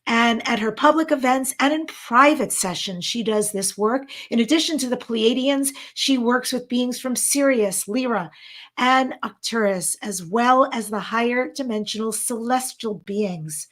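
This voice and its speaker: Woman, New York accent, middle-aged, effusive co-host, fairly high voice. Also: a little slow, fairly bright tone. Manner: effusive, gushing. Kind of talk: enthusiastic online summit hosting.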